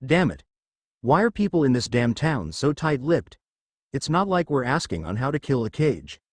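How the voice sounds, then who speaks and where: Man voicing a stern annoyed ninja girl, lively. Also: mid-range voice, normal speed, no room sound. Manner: irritated, disapproving. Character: stern exasperated young kunoichi woman.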